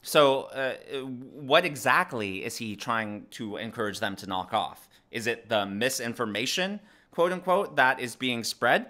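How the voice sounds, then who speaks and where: A man's voice: medium pitch, unhurried, few pauses. A young man raised in the American South giving casual political commentary to his viewers, with lots of fillers and restarts. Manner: animated, frequent fillers and restarts.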